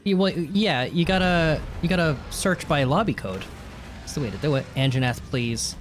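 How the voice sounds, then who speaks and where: A woman streaming gameplay with live commentary, swearing and yelling at the monsters on screen, swinging from low mutters to shrieks. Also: expressive, moderate pace, slight background noise. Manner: swears a lot, yells at monsters.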